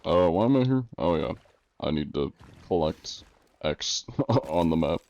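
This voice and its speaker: A man's voice: a bass voice, lively intonation, unhurried, gravelly, darkish tone, highs cut off. A man streaming live, chatting casually with his viewers and answering them with dry jokes. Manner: dry, joking, answers chat. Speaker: game streamer.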